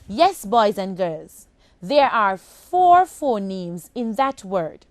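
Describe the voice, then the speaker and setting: A woman teaching a phonics lesson to children on broadcast television, speaking slowly and enunciating each sound with care. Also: medium pitch, very animated, a little hiss or hum. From Jamaica. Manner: slow, deliberate, clearly enunciated.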